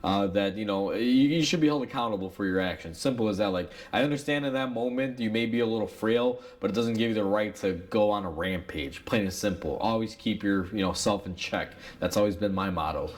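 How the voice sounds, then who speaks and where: A man talks through a story from the repair shop in a loose, conversational way. His voice sits a bit low, and he keeps dropping in fillers and little asides to the viewers as he goes. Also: fairly quick, few pauses. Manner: rambling, filler-heavy, addresses viewers as "guys". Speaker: auto mechanic sharing shop stories. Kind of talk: casual storytelling to camera.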